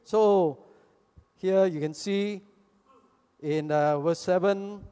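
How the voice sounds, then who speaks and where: A man preaches a sermon. He acts out the people in his story as he retells it, taking his time in a slow delivery. His voice carries a long reverb from the church hall. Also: on the high side, mellow, smooth.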